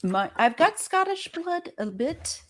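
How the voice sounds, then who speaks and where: A woman's voice: very high-pitched, sing-song, slow pace. A woman in casual conversation, reacting supportively and sharing her own stories. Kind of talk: casual chat.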